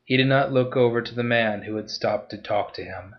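A man giving a steady, scripted narration of a story. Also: mid-range voice, a little fast, lo-fi sound.

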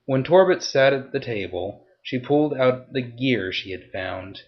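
A man reads a story aloud in a steady, even voice at a mid pitch. The recording sounds somewhat dull and muffled. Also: unhurried. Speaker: audiobook narrator. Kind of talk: scripted narration.

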